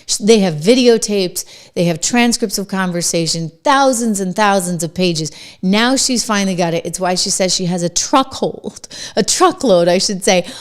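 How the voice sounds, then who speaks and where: Emphatic woman host with New Hampshire accent. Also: mid-range voice. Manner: emphatic, conversational, quick asides. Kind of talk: political commentary to camera.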